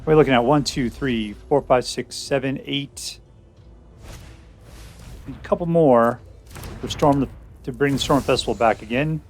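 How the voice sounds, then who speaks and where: A man talking through his own game in a relaxed, offhand way, counting out loud and tossing off dry sarcastic asides. His voice sits at an ordinary middle pitch, and soft music plays underneath. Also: normal speed. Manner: talks to himself, counting cards aloud, sarcastic. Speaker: game commentator. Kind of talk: casual gameplay commentary.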